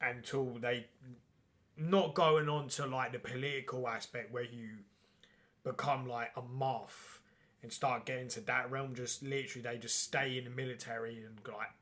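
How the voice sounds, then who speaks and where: A man's voice: medium pitch, steady tone, normal speed, fairly bright tone. A man hosting a podcast, chatting casually with a rambling, profane, often laughing manner. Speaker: podcast host. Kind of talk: casual chat.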